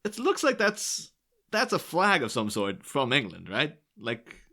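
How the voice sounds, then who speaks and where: A man's voice: medium pitch, huge pitch swings, unhurried, sharp tone. A man co-hosting a podcast in casual film-discussion chat, rambling and laughing often. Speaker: podcast co-host.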